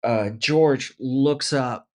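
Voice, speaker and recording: Animated middle-aged man telling a story. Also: medium pitch, very slow. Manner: lively anecdote teller, acts out quoted voices, many restarts. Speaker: actor guest.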